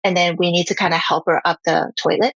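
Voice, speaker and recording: A woman's voice: fairly low pitch, steady tone, quick pace, gravelly, a bit bright, slightly rough, no room sound, lo-fi sound. A woman who is a parent, talking candidly and earnestly about her home life in an interview, acting out what her children say. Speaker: parent guest.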